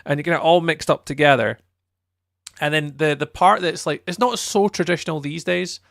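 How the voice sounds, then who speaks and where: With a fairly high-pitched, creaky voice and a fairly bright tone, a Scottish man talks at a moderate pace while playing a game live for viewers. He chats casually, rambles and laughs easily, and the studio-quality recording is dry.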